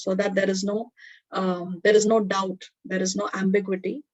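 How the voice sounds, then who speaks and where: A woman's voice: medium pitch, little pitch movement, normal speed. A woman teaching a devotional scripture class, explaining earnestly with many fillers and restarts. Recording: dull lo-fi recording.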